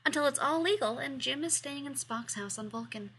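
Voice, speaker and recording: A woman reading fan fiction aloud, expressive and sometimes dropping to a whisper. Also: high-pitched, fairly quick, slight background noise, low-quality recording. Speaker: fiction reader.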